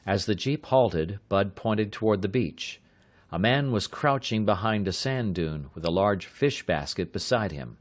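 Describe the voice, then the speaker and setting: A man reads an adventure audiobook with a fairly low voice. His narration is steady and measured, keeping an even pace through the action. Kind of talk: scripted narration.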